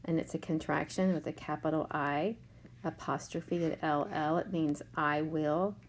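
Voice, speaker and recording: Woman teacher, low-pitched, patient and slow, noisy recording. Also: steady tone. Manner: slow, patient, sounds out letters. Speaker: third grade teacher. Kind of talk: remote spelling lesson.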